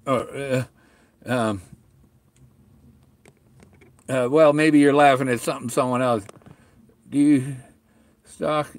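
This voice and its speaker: A middle-aged man chatting on a home livestream, halting and full of restarts, talking with a sore mouth after tooth extractions. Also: medium pitch, steady tone, dry recording. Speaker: vlogger talking to live viewers. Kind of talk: rambling casual livestream chat. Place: at home, indoors.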